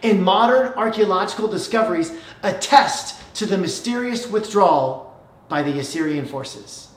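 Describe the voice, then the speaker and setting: A preacher telling a story in an animated way, going from hushed to loud. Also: medium pitch, moderate pace, reverberant, distant mic. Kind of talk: sermon.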